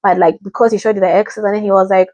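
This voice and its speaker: A chatty woman from Africa rambles through her thoughts on a dating show, slipping into imitations of the people she describes. Her voice sits at an ordinary middle pitch. It is recorded dry and close, with no room sound around it. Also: fairly even intonation, very fast, mellow, no room sound. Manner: rambling, chatty, often mimics what others said. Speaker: reality show reactor. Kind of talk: casual chat.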